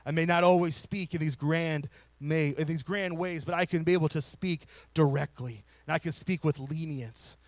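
A man preaching a sermon, rising to loud emphatic lines and falling to soft hushed ones. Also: a little high, fairly even intonation, normal speed, no echo. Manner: drops to a whisper to show a still small voice.

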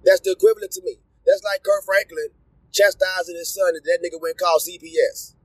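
A middle-aged man in a casual, animated, profane rant, speaking to his audience and breaking into loud outbursts. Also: sits high, fast, no room sound, low-quality recording. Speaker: commentator.

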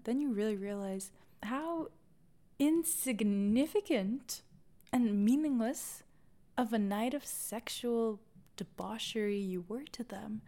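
A young woman with a fairly high but mellow voice tells a confessional story from her own life. She is candid and self-deprecating, and at times her voice sinks to a soft, breathy near-whisper. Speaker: podcast host.

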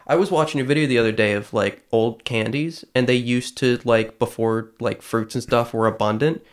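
A man's voice: mid-range voice, fairly even intonation, normal speed. Man cracking dry jokes in casual chat. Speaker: podcast co-host.

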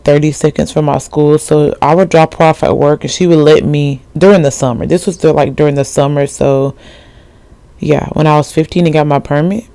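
A woman's voice: low voice, mellow, dry recording. A woman in her twenties hosting a solo podcast in a rambling, slangy chat full of asides and fillers. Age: 20s. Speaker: podcast host.

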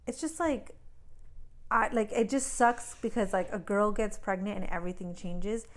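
A woman's voice: mid-range voice, normal speed. A woman late in her pregnancy, tired and giggly, chatting casually with her partner and filling her talk with "like.". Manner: giggly, says "like" a lot, breaks into laughter. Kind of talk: casual couple chat.

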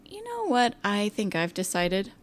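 Brief: woman podcast co-host, mid-pitched voice, inquisitive and teasing. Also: huge pitch swings, unhurried. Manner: curious, teasing, asks many questions. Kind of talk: casual chat.

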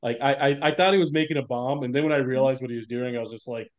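A man co-hosting a film-discussion podcast in a mid-pitched, ordinary voice. He recaps scenes with animated energy, frequent swearing and quick laughter. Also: muffled recording. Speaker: podcast co-host.

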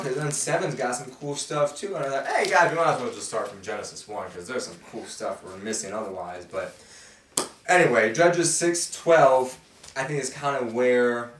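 A man's voice: mid-range voice, fairly bright tone, slight background noise. A man casually reading and explaining a Bible passage, acting out the characters' lines with feeling. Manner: conversational, voices the characters' quotes with feeling. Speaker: host reading and explaining scripture. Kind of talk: casual Bible study teaching. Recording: roomy, mic at a distance.

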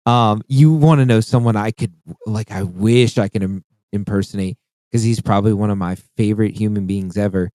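A man's voice: fairly low pitch, a little fast, warm tone, dry recording, clean studio sound. A man co-hosting a casual podcast, blunt and self-mocking, swearing often. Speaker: podcast co-host. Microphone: podcast mic.

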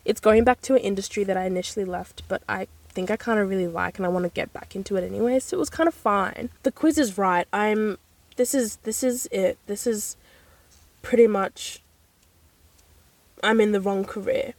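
A young woman, hosting a casual solo podcast from inside a parked car, rambling and chatty with animated exclamations. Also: mid-range voice, moderate pace, dry recording. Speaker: podcast host.

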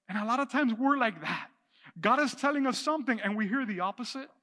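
A man preaching in a large church hall, his voice high and ringing bright. He reads scripture aloud and presses his points with animated energy, and a long reverb trails every phrase. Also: normal speed. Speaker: pastor. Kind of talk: sermon.

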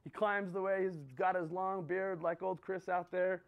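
Gravelly man giving a motivational talk. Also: high voice, little pitch movement, moderate pace, lo-fi sound. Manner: storytelling with frequent "right?" and "okay?" check-ins. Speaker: motivational speaker. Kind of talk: motivational talk to a live group.

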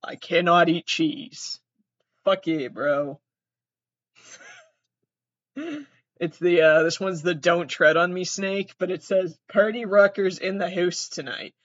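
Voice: medium pitch, slow pace, long pauses, dry recording. A young adult comedian rambling casually, swearing freely and giggling often, recorded without an external mic. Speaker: comedian vlogger. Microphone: no external mic, built-in device mic. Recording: dry, dull lo-fi built-in mic.

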